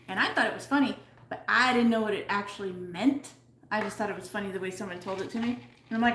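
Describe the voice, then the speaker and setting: Giggly woman in an echoey room. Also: medium pitch. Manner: giggly, tells stories with frequent laughter and swearing. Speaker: live-stream co-host. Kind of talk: casual chat. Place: at home.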